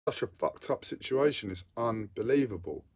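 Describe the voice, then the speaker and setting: Distressed man, halting and repetitive. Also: fairly low pitch, expressive. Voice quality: whiny. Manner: repetitive, halting, self-interrupting. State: distressed, on edge. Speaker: livestreamer. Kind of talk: unscripted personal vlog monologue.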